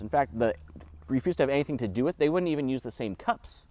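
Animated conversational man teaching. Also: mid-range voice, fast talker, no room sound. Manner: conversational, animated, uses casual asides. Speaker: Bible teacher. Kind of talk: casual Bible teaching podcast.

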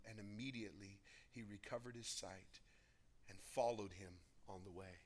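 A man's voice: on the low side, steady tone, moderate pace, slightly rough. A male pastor reading scripture aloud and preaching, with dramatic, emphatic rises in voice. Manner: reads scripture dramatically, voicing the crowd's shouts loudly.

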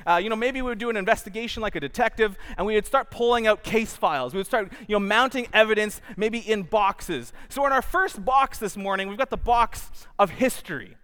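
A man's voice: high voice, brisk, hardly any pauses, clear, resonant tone, long reverb tail. A young man giving a sermon, telling a school prank story with acted-out quotes before he turns it into a lesson. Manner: storytelling, animated, acts out quotes. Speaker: preacher. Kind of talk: sermon with personal anecdote.

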